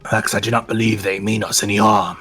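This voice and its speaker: A man's voice: on the low side, flat delivery, fast, bright, forceful tone, soft background music. A man playing a terse githzerai monk. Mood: formal. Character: stern male githzerai monk, terse and formal.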